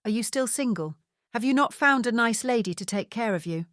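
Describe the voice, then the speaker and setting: A woman's voice: fairly high pitch, animated, fairly quick, a bit bright, no room sound, clean studio sound, voice pushed up. A woman voicing a motherly, fussing mother in her early seventies. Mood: fond. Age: 70s. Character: warm older mother, fussing.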